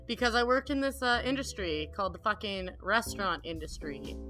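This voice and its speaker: A woman's voice: medium pitch, lively intonation, fairly quick, sharp tone, faint music behind. A young adult woman in casual podcast chat, teasing, laughing often and swearing. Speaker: podcast co-host.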